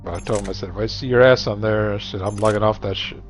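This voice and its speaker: Profane, low-voiced middle-aged man gaming. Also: steady tone, fast. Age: 40s or 50s. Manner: profane, rambling, wisecracking. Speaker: gamer streaming. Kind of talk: casual rambling gaming chat. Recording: dull lo-fi recording, faint music.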